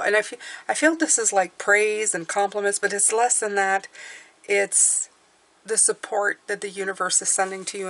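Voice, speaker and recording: A woman's voice: medium pitch, creaky, a bit bright. A middle-aged woman giving a casual, reassuring tarot reading, chatty, with many fillers and restarts. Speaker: tarot reader.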